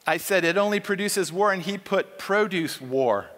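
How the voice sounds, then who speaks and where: A man with a fairly high voice tells a Bible story in a loose, conversational sermon. He jumps into characters' voices as he goes, animated and storytelling. The sound rings with the long reverb of a church hall. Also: brisk. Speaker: conference speaker. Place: church auditorium.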